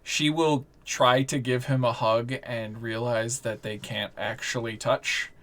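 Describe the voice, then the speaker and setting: A game master narrates a tabletop game slowly and loosely, full of fillers and restarts. The voice sits in a middle pitch. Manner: relaxed, rambling narration with fillers.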